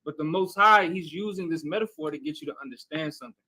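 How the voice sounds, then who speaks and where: Over poor audio, a man with a slightly high, bright, forceful voice teaches a bible class at a fast clip. His scripture teaching is conversational, full of "right?" check-ins and calls for readers.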